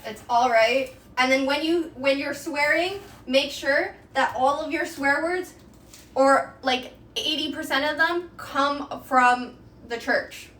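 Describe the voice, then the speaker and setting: A woman's voice: high voice, takes it slowly, a bit bright. A young woman from Quebec with a Québécois accent, whose first language is French, chatting casually and giggling with her viewers while she cooks on a livestream. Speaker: streamer. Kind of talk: casual cooking livestream chat. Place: home kitchen. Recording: echoey kitchen, mic at a distance.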